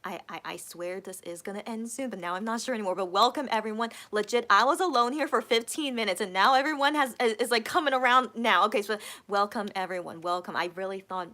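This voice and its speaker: A woman's voice: medium pitch, fast talker, few pauses, sharp tone. An American woman hosting a casual live chat, reading out viewer comments and rambling on with lots of repeated words. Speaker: livestream host.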